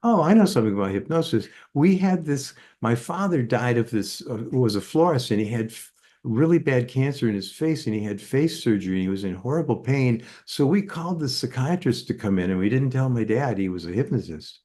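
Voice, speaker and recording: A man's voice: medium pitch, lively intonation, brisk, dark tone. An older man, a psychotherapist, telling stories in an interview with many fillers and restarts. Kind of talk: anecdotal storytelling in an interview.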